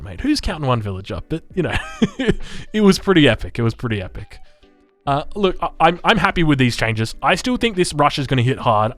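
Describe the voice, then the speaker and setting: An Australian man goes through game patch notes on a live stream, answering his chat with quick chuckles. His pitch swings widely, and the sound is dry and close. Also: fairly bright tone, dry recording. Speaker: gaming streamer.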